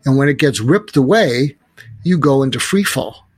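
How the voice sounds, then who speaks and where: A man's voice: mid-range voice, lively intonation, moderate pace, husky, dry recording. A middle-aged man speaking casually, telling a story and giving advice with frequent restarts and fillers.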